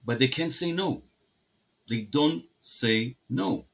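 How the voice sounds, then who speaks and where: Israeli man, halting conversational manner. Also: medium pitch, lively intonation, vocal fry, a bit bright. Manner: halting, many restarts and fillers. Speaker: guest entrepreneur. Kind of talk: conversational interview.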